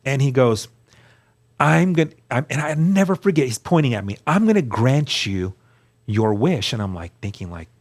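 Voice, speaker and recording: A man's voice: mid-range voice, big pitch swings, moderate pace. A man giving an earnest personal testimony in a casual interview, acting out other people's words and often restarting his sentences. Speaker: interview guest.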